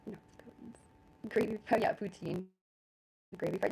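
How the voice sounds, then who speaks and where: Animated at a normal speed, her mid-range voice creaky, a little mellow, and breathy-edged, a Canadian livestream host talks directly into her phone from home. She keeps it easygoing and self-mocking, laughing a lot and letting the odd swear word slip.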